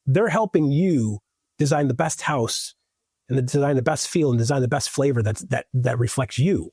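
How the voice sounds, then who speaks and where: Husky, rambling podcast guest man. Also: medium pitch, normal speed, darkish tone, dry recording, clean studio sound. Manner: loose, rambling talk full of restarts and "like". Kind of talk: casual podcast chat.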